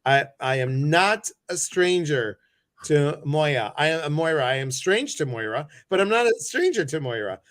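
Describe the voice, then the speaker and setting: A man's voice: on the high side, animated, moderate pace, fairly bright tone, no room sound. A man hosting a casual livestream chat over a video call, effusive and greeting many viewers by name. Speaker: host.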